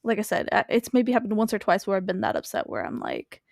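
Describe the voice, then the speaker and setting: A woman's voice: mid-range voice, fast, vocal fry, no room sound, studio quality. Chatty woman podcast co-host. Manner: rambling, many fillers, animated. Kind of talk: casual chat.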